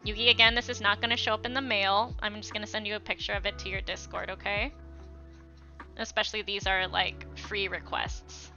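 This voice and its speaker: A woman's voice: medium pitch, level tone, fairly quick, pushed and bright. A young woman chatting casually with viewers on an art livestream while she draws, thanking them by name and using many fillers. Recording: slightly dull lo-fi stream audio, faint music.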